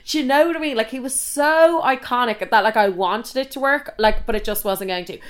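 A young adult woman with an Irish accent, hosting a podcast and telling casual stories in an animated, expressive way, swearing often and jumping into high, loud outbursts. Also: brisk. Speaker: podcast host. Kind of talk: casual storytelling.

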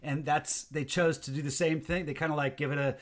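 Halting man chatting about a movie. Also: fairly high pitch, steady tone. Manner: halting, restarts sentences often. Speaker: podcast co-host. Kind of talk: casual movie review chat.

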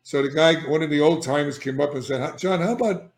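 An older man, a guest on an interview, telling his recovery story in an animated, emphatic way, often restarting sentences and checking in with "all right?". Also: a little high, fairly quick. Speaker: guest, addiction therapist. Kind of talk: candid personal storytelling. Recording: echoey room.

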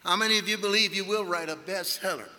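A man preaching a sermon at a conference, telling a story emphatically and rising to shouts. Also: high voice, fast talker. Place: large conference hall. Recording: long hall reverb.

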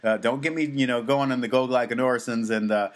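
A man's voice: medium pitch, fairly even intonation, quick pace. An American man co-hosting a podcast, talking in a rambling, casual way with many fillers and restarts. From United States. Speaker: podcast co-host. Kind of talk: casual chat.

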